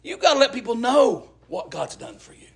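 Middle-aged preacher, very high voice, folksy, impassioned call-and-response sermon, roomy echo. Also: male voice, very animated, normal speed, vocal fry. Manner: impassioned, rising to shouts, folksy. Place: church.

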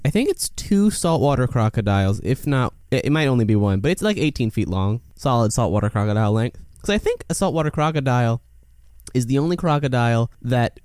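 Lively man joking around. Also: medium pitch, a little fast, clear, resonant tone, no room sound, clean studio sound. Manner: joking, rambling, playful tangents. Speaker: podcast co-host. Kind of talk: casual chat.

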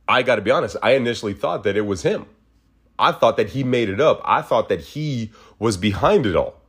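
A man hosting his own podcast, talking alone in a casual, rambling way and acting out quoted voices. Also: fairly low pitch. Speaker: podcast host. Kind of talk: casual solo monologue.

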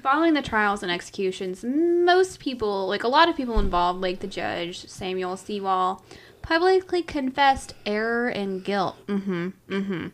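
A woman co-hosting a casual podcast, sarcastic and animated, swearing now and then. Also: mid-range voice, unhurried. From Southern United States. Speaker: podcast co-host. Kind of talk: casual chat.

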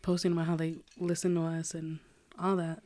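Woman, podcast co-host, casual chat, blunt, teasing, tipsy, lowish voice. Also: flat delivery, brisk, dark tone. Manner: blunt, teasing, swears freely.

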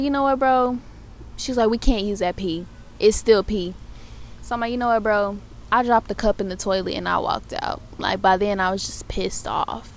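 Young woman, casual monologue, profane, animated, mid pitch. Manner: profane, animated retelling of her day. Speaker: podcast host.

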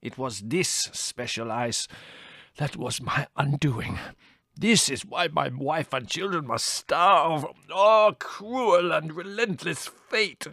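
A man's voice: fairly high pitch, vocal fry, pushed and bright, dry recording, clean studio sound, voice pushed up, heavily acted. A man voicing a melodramatic male café owner, theatrical and drawn out. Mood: mournful. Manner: theatrical, wailing, slow and drawn out.

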